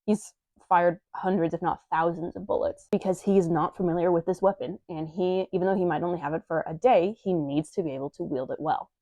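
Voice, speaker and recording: A woman's voice: fairly low pitch, fairly even intonation, brisk, few pauses, warm tone, dry recording. A young woman reviewing a manga in a chatty, wry manner with playful asides, reading from a script.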